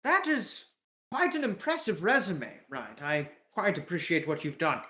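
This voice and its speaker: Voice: medium pitch, wildly swooping pitch, a little slow, pushed and bright, reverberant, full character voice. A game master voicing a tall, boisterous German businessman with a British accent, jovial and grandly polite.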